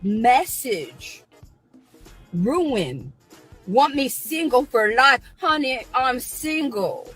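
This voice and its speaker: A woman's voice: high voice, big pitch swings, extremely slow, a bit bright, husky, faint music behind. A woman on her own live stream, ranting at critics in a combative, preachy way and repeating herself.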